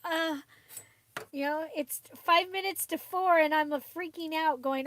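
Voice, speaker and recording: A woman's voice: extremely high pitch, fairly even intonation, normal speed, fairly bright tone. A woman hosting a crafting channel, chatting casually and rambling with frequent fillers and little laughs. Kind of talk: casual livestream chat.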